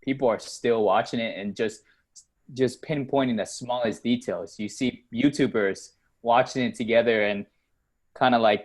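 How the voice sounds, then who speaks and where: A young man in casual chat during a movie game, excitable and apologetic, laughing often. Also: medium pitch. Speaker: film crew member.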